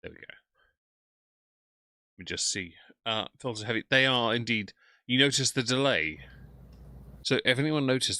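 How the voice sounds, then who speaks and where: A man's voice: fairly low pitch, bright, forceful tone, dry recording. A man, commenting bluntly and sarcastically while reading out chat on a live stream.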